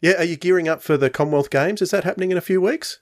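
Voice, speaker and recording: A man's voice: high voice, racing. A man hosting a podcast, chatting in a friendly, easygoing way with small hesitations. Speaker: podcast host. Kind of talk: casual chat.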